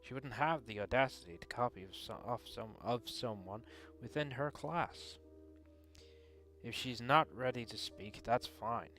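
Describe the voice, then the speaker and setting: A man reading a visual novel aloud in earnest first-person narration. His voice sits at an ordinary pitch for a man, and faint music plays under it. He breaks off now and then for dry asides. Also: a bit bright. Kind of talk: dramatic read-aloud narration.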